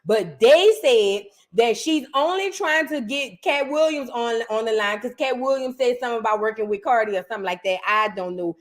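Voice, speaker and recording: A Southern US woman hosting a casual reaction show, with a high voice. She talks straight to her viewers in a loose, chatty way. Her delivery is easy and conversational. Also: moderate pace, hardly any pauses. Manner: chatty, addresses viewers as y'all. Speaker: host.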